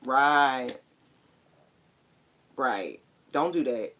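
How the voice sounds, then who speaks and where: A woman's voice: extremely low pitch, animated, drawn-out words, a bit bright. A woman giving a casual spiritual tarot reading, chatty and emphatic, with casual swearing. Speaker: tarot card reader.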